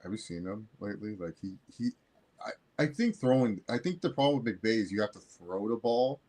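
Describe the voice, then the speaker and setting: A man's voice: lowish voice, lively intonation, a little fast, a little mellow. A man co-hosting a sports podcast in casual chat, joking and swearing a lot while acting out coaches' phone calls.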